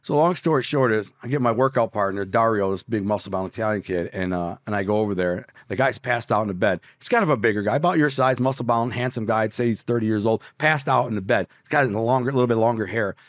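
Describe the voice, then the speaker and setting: A man from Detroit, a podcast guest telling a story in an animated, profane way, acting out voices and sound effects. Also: lowish voice, fast talker, few pauses, no room sound, studio quality. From Detroit, USA.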